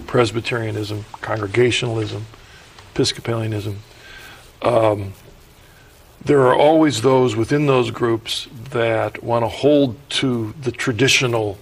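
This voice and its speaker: A man's voice: mid-range voice, husky, poor audio. A man hosting a discussion, stumbling and restarting as he frames his questions. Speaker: host. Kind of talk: discussion moderator.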